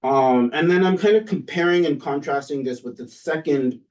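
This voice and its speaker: Male professor, conversational lecture, mellow tone, mic set well back. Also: on the high side, distant mic, rough recording. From Canada. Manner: conversational, with frequent "um" and "uh" pauses. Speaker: political science professor giving a book talk. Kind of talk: academic lecture. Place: lecture room with an audience.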